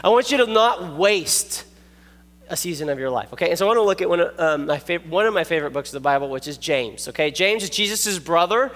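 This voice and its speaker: High-voiced youth pastor in a hall. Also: male voice, quick pace. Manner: animated, jokey, keeps checking in with "okay?". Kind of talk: youth sermon with stories. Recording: long echoey hall reverb.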